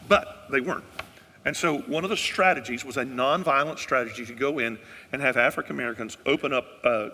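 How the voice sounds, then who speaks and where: A man's voice: mid-range voice, sharp tone, long reverb tail. A male pastor preaching a sermon, telling a story in an earnest way and asking the congregation questions.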